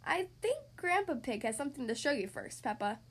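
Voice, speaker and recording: A woman voicing a kindly older grandmother pig in a drawn-out, welcoming storybook voice. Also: high-pitched, very animated, breathy edge, exaggerated voice. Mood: gentle.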